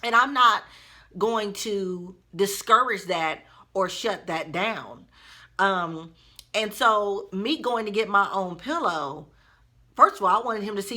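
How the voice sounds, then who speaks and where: A woman telling a story to her viewers in a casual vlog, chatty and expressive, talking straight to her audience. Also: mid-range voice, takes it slowly. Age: adult mother. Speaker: vlogger.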